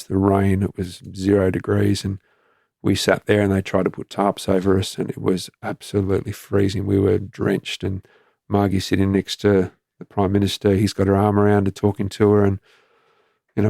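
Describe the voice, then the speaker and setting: A man's voice: low voice, creaky, warm tone, dry recording, studio quality. A man in his fifties with an Australian accent, a former police commander telling frank stories in a plain-spoken conversational way. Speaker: retired police commander and guest. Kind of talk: candid conversational storytelling.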